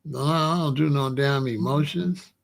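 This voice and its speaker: A man's voice: mid-range voice, a little slow, creaky. A middle-aged man, giving emphatic, repetitive monologue commentary. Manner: preachy, emphatic, repeats himself.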